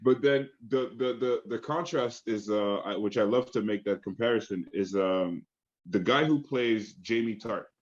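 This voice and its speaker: A man's voice: lowish voice, moderate pace, dull audio. A man being interviewed as an actor guest, talking enthusiastically with many fillers and restarts. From Canada. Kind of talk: casual interview chat.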